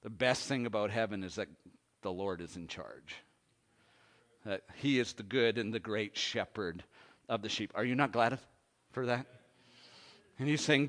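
A man preaching a sermon, swinging from hushed low lines to loud ones and asking the congregation questions. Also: unhurried, long pauses. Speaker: pastor.

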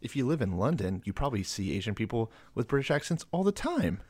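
A man's voice: medium pitch, big pitch swings, fast, darkish tone. A man co-hosting a casual chat, telling a rambling story with many restarts. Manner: rambling, restarts, self-correcting.

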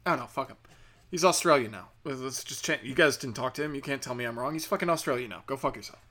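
A man's voice: mid-range voice, quick pace, bright, forceful tone. A man telling a rambling comic story, sarcastic and profane. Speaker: comedian. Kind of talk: comedic storytelling.

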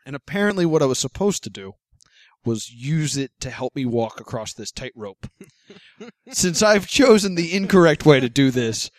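A man's voice: fairly high pitch, very animated, normal speed, no echo, clean studio sound. A young man hosting a casual chat, telling a self-deprecating story, laughing often and acting out what people said. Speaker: podcast host.

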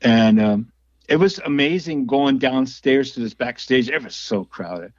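A man's voice: medium pitch, animated, unhurried, no echo. Guy rambling thru band stories, laughs a lot, dry slightly dull sound. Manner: rambling, laughs often, many restarts. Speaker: guest musician and label owner. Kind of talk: casual storytelling interview.

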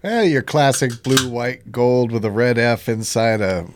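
A man's voice: medium pitch, unhurried, background noise. A man co-hosting a casual beer podcast, making dry jokes. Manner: dry, joking. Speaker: podcast co-host.

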